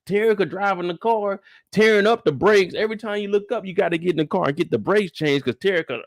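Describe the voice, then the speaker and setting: A man's voice: high-pitched, fast talker, few pauses, no echo, clean studio sound. A young man hosting a live after-show discussion, telling loose, profane, rambling stories. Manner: loose, profane, storytelling riffs. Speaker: show host.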